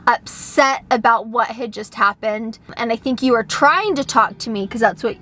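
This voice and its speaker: A young adult woman vlogger telling a story in a casual, animated way. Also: a little high, moderate pace. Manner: animated, expressive retelling.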